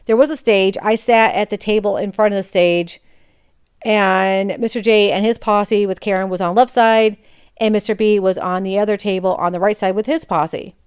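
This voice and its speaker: Woman podcast host, candid chatty storyteller, smooth voice. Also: medium pitch, steady tone, normal speed, darkish tone. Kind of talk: personal storytelling.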